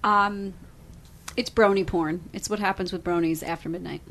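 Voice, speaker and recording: A woman's voice: fairly low pitch, fairly even intonation, moderate pace, fairly bright tone, slight background noise. A woman making playful, teasing remarks as a panelist on a comedy podcast.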